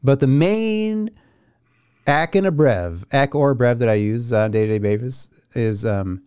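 Rambling man with a smooth, dry voice. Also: mid-range voice, lively intonation, normal speed, a little mellow, dry recording. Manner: rambling, swears casually, laughs at himself. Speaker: podcast host. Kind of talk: casual chat.

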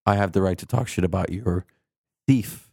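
A man's voice: sits low, moderate pace, mellow, slightly rough, no room sound, studio quality. A man as a guest on a casual podcast, telling rambling anecdotes with lots of fillers.

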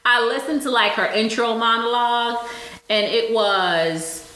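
A woman's voice: fairly high pitch, measured pace, sharp tone, roomy sound. A woman co-hosting a casual chat podcast, talking animatedly with lots of laughter and acted-out quotes. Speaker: podcast co-host.

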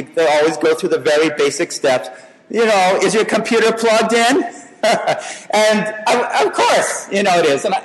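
Male preacher, high animated voice, chatty sermon delivery, hall reverb. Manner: conversational, repeats and restarts words.

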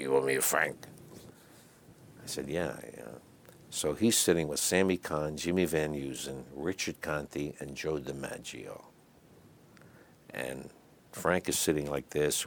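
An older man telling stories in a relaxed, chatty way as an interview guest, with lots of fillers and asides. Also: a bass voice, slight background noise. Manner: raspy, chatty anecdotes full of fillers. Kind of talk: storytelling in a casual interview.

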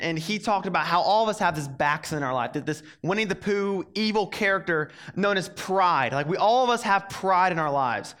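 An energetic young man gives a youth sermon to a room of kids. His voice sits high, and he stumbles over the first words of his sentences, repeating them before pushing on. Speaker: youth pastor.

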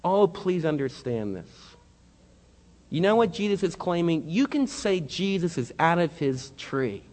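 A male pastor preaching a sermon in a church with impassioned delivery that swings between quiet and loud. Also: fairly high pitch, very animated, measured pace. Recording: long hall reverb.

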